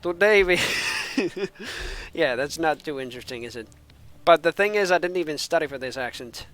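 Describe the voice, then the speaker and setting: A man's voice: on the high side, animated, moderate pace, a bit bright. A man from Finland, a native Finnish speaker with American-sounding English, rambling in casual stream chatter as an esports caster between matches and laughing at himself.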